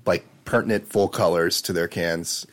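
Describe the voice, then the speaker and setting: A young man co-hosting a podcast in relaxed casual chat. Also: sits low, moderate pace. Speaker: podcast co-host.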